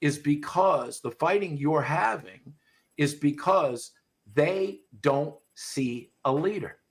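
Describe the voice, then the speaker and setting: A man with a fairly high-pitched voice hosts a casual podcast chat. He talks bluntly and swears freely, throwing himself into animated stories. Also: takes it slowly, breathy edge. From US South. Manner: blunt, profane, animated storytelling. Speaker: podcast host, dog trainer.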